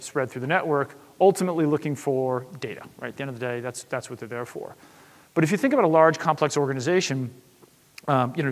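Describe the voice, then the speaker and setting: A man speaks at a tech conference in a casual, explanatory way, often restarting phrases and dropping in "you know." His voice sits at a middle pitch and rings out with the long reverb of a large hall.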